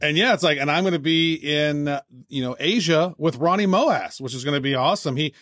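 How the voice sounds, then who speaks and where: A man's voice: fairly high pitch, fairly bright tone, no echo, studio quality. A man co-hosting a casual podcast, talking enthusiastically with lots of fillers. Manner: enthusiastic, fast, many fillers. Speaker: podcast co-host.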